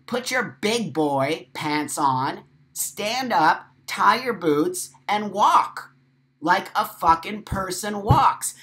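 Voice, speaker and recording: A man's voice: high voice, pushed and bright. A middle-aged man hosting a live stream, speaking in an emphatic, profane and emotional monologue full of repetition. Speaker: host.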